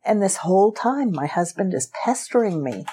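A woman recounting a personal experience as an interview guest, unhurried and often breaking into a laugh. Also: medium pitch, very animated, mellow, slight background noise.

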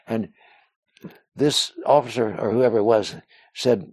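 A man with a mellow, warm voice tells a personal story in an interview, circling back with restarts and "uh"s. He slips into the voices of other people as he quotes them. The sound is close and dry, with no room around it. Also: mid-range voice, a little slow, dry recording. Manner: rambling, with frequent restarts and "uh" fillers. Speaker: interview guest.

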